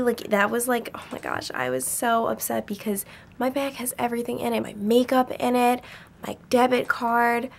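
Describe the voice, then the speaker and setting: A young adult woman vlogging from her dorm bedroom, telling a story in a chatty, rambling way full of "like". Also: mid-range voice. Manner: chatty, rambling, heavy use of "like". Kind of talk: casual storytime chat.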